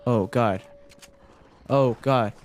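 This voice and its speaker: A man's voice: medium pitch, extremely slow, soft background music. Frantic, jokey young man gaming. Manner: frantic, jokey, repeats himself, yelps when startled. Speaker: gaming commentator. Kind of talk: casual gameplay commentary.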